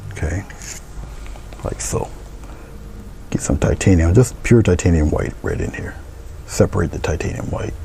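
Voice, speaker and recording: A deep-voiced man with a gravelly edge walks viewers through a painting, calm and encouraging. His words often sink into soft, half-whispered murmurs as he works, over a faint hum of room noise. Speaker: painting instructor. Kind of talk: step-by-step painting tutorial.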